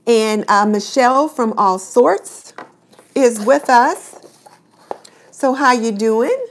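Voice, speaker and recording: A woman's voice: on the high side, takes it slowly. A middle-aged woman hosting a casual live stream, chatting and greeting viewers by name.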